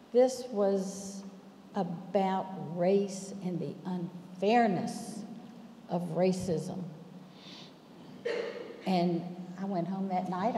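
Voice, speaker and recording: A woman's voice: medium pitch, mellow, a little hiss or hum. Older woman reminiscing in a hall. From Memphis, Tennessee. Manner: chatty, restarts often, laughs between thoughts. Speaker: alumna panelist. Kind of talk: personal reminiscence on a panel. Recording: roomy hall with long reverb.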